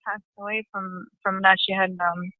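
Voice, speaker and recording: A woman calling in to a radio show, giving short soft answers and laughing often. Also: mid-range voice, level tone, normal speed, no room sound. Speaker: caller. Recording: dull lo-fi call-in radio audio.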